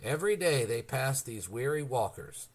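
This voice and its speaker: Sex: man. Role: audiobook narrator. Style: scripted narration. Pitch: middle, lively intonation. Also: normal speed.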